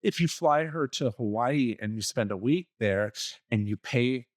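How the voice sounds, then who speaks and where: A man's voice: mid-range voice, lively intonation, measured pace, no room sound, clean studio sound. A man co-hosting a relationship coaching podcast, giving blunt, profane advice in a casual way and acting out little scenes. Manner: blunt and profane, acts out quoted dialogue.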